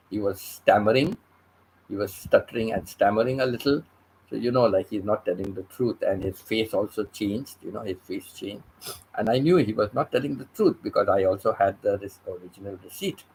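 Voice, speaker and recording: A man's voice: fairly low pitch, moderate pace, a little mellow, slight background noise, rough recording. A man telling a story on his vlog, stressing points by repeating phrases. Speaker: vlogger.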